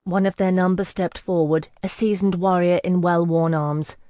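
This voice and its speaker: Fantasy audiobook reader, measured first-person storytelling, mid-pitched, dead-dry booth sound. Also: steady tone, warm tone, dry recording. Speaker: audiobook narrator.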